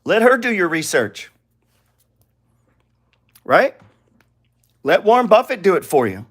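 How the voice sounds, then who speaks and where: Brief: high-voiced male trading teacher, blunt and profane, talks through charts with rhetorical questions. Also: fairly bright tone. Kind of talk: live trading lesson with charts.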